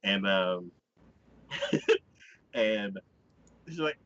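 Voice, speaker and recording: A man hosting a casual podcast chat, recapping a story with lively energy and acting out the characters' lines. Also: lowish voice, slow, long pauses, no room sound. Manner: animated storyteller who acts out characters' lines in quoted voices. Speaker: podcast host. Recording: dull, dry lo-fi recording.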